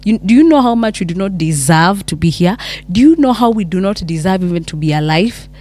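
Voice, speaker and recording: A woman's voice: medium pitch, lively intonation, fairly quick, darkish tone, lightly acted. Humbled, pleading heroine in a retold story, voiced by a woman. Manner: earnest, insistent.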